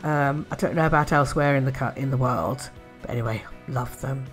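A woman chatting casually in a craft haul video, gushing with soft admiring murmurs and little laughs. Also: extremely low pitch, fairly quick, soft background music. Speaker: art and craft vlogger.

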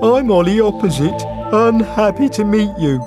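A man's voice: high-pitched, normal speed, over music, voice pushed up, lightly acted. A man voicing a strange alien boy who says everything the wrong way round in a storybook cartoon. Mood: playful. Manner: contrary, cheerful.

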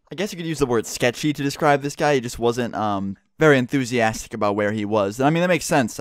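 Young male vlogger, rapid profane storytime delivery, dry close sound. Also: medium pitch, no room sound. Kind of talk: casual storytime.

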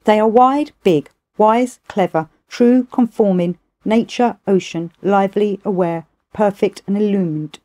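A woman's voice: medium pitch, measured pace, hardly any pauses, mellow, natural voice. A woman voicing a stern old male immortal master who questions a new pupil. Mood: questioning.

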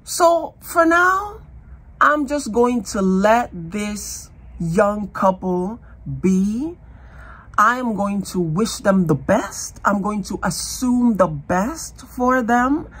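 A woman in her fifties with a raspy, nasal voice from a cold, giving slow, earnest commentary to the camera for her vlog. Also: medium pitch, expressive, fairly bright tone. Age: 50s. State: hoarse from a cold. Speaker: vlogger.

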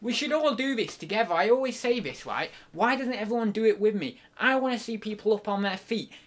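A man voicing a hushed, earnest male fitness motivator who gives a soft, preachy pep talk. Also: sits high, lively intonation, fairly quick, pitched above the performer's own voice.

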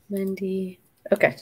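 A woman making sales calls, calm and matter-of-fact as she works through a list. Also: medium pitch, slightly rough, poor audio. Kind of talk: casual work chat.

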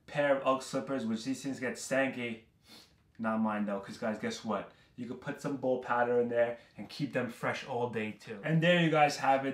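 A man's voice: mid-range voice, a bit bright. Brash joking man in a roomy room. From New York City. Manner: brash, joking, talks straight to viewers. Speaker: product review vlogger. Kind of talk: casual product review vlog. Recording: roomy echo.

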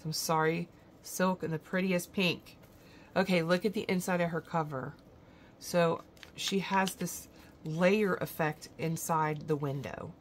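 A woman's voice: deep voice, slight background noise. A woman hosting a craft vlog, gushing with admiration as she shows off handmade gifts indoors. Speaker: craft channel host. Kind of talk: show-and-tell unboxing vlog.

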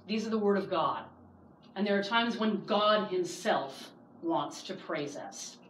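A woman in her thirties teaching a Bible study class, lively and acting out the voices she quotes. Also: medium pitch. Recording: echoey room, distant mic, faint hiss.

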